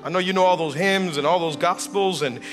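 A male pastor preaching a lively sermon, acting out everyday scenes and calling on the congregation to respond. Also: high voice, a little fast, faint music behind. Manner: animated, acts out everyday scenes and voices; calls for audience response.

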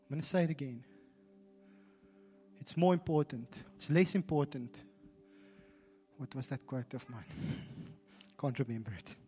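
A man preaching a sermon, telling stories animatedly and swinging from quiet, intimate moments to emphatic passages. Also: medium pitch, unhurried, long pauses, soft background music. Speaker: pastor.

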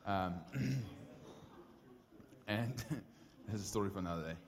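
A man with a South African accent, a pastor telling his story to a congregation in a casual, animated way full of "like" and "right?". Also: on the low side, slow, long reverb tail, a crowd in the background. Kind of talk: storytelling sermon.

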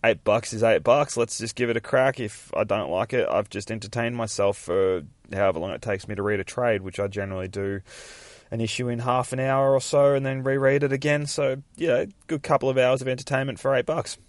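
A man's voice: medium pitch, fairly quick, dry recording. A man hosting a comic book podcast, casually describing panels aloud with plenty of swearing and offhand remarks. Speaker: podcast host.

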